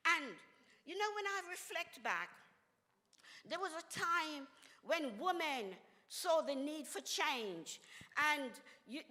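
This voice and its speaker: An older woman from England, a reverend, gives an impassioned speech at a community event in a high, bright voice with a preacher's emphatic cadence. She's full of exclamations and laughter, and her words ring out with a long reverb, as if in a large hall.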